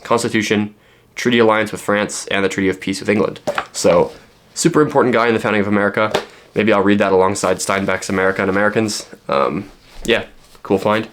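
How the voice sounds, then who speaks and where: Man, low-pitched voice, casual book vlog, rambling with lots of ums, joky asides. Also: noisy background. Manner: rambling, filler-heavy, joking asides. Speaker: book vlogger. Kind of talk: casual book haul chat.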